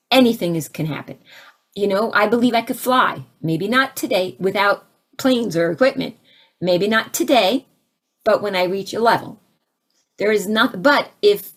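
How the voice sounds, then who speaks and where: Husky-voiced woman telling a spiritual story. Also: medium pitch. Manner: animated, imitates sounds and voices while telling a story; frequent restarts, laughs between phrases. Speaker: spiritual speaker. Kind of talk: casual storytelling talk.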